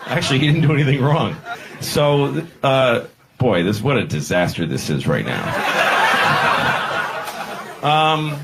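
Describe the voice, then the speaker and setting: A man doing stand-up comedy, rambling and deadpan with halting restarts. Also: medium pitch, very noisy.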